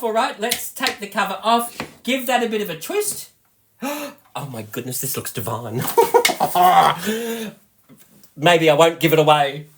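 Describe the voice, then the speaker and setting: An Australian man hosting a live cooking demonstration, chatty and excitable, often giggling as he talks to viewers. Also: on the high side, a little hiss or hum. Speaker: host, product seller.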